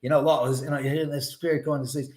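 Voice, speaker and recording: A man's voice: on the high side, flat delivery, rapid-fire, a little mellow. A middle-aged man hosting a live stream from his home, chatting casually in a rambling, profane way.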